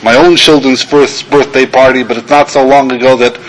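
Speaking fairly quickly in a steady, mid-range voice, an older man tells a story during a sermon-style talk, recorded at low quality. He is a rabbi there as a guest lecturer, and he makes fun of himself while playing the characters.

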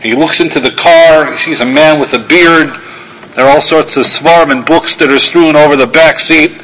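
In this poorly recorded sermon-style talk, an older guest lecturer who is a rabbi tells a self-deprecating story and plays each character. He speaks at normal speed in a fairly high, fairly bright voice with fairly even intonation.

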